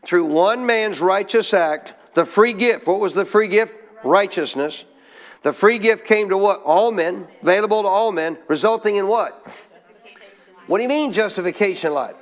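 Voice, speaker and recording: A man's voice: high voice, lively intonation, normal speed. A man preaching a sermon to a congregation, emphatic, often asking them questions and having them repeat after him. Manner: emphatic call-and-response preaching, quizzing the congregation. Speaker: pastor.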